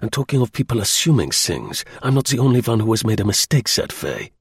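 A man's voice: lowish voice, sing-song, fairly quick, creaky, husky, dry recording, full character voice. A man doing a brazen, taunting spy suspect. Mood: defiant. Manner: defiant, taunting.

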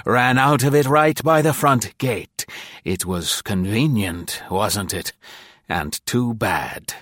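A cold, menacing gunman who speaks clipped and slow, as a male narrator plays him. His voice sits low and deep in a storybook reading. The sound is dry and close. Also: animated, a bit bright, no room sound, full character voice. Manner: clipped, threatening.

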